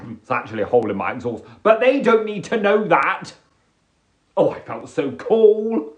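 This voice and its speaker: A man's voice: high-pitched, big pitch swings, moderate pace, lo-fi sound. A man riffing in a casual, jokey, self-deprecating monologue on a live stream. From England. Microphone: phone or webcam on a live stream.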